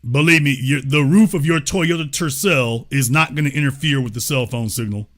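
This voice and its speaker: Male livestream host, mid-pitched, sarcastic and mocking delivery. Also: normal speed, a bit bright. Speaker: show host. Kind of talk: livestream political commentary.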